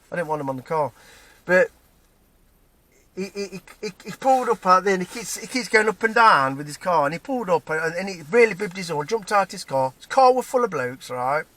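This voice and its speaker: A man's voice: a little high, a bit bright, no echo. A man from Nottingham with a Nottingham accent, ranting to camera in a heated, swearing way, stumbling over restarts and tagging lines with "right?". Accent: Nottingham English. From England, Nottingham. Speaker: vlogger. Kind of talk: angry personal rant to camera.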